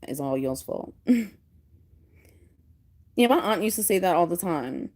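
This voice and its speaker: A woman's voice: fairly low pitch, unhurried. A woman in her thirties from Pennsylvania, chatting casually with live viewers, laughing often and telling stories animatedly. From Pennsylvania, United States. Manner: laughs often, animated storytelling with playful put-on voices. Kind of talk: casual livestream chat.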